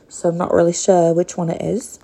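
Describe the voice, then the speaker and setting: A woman in her thirties with a Northern Minnesotan accent, hosting a casual solo podcast and talking slowly and hesitantly, with frequent pauses. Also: on the low side, flat delivery, warm tone, low-quality recording. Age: 30s. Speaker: podcast host.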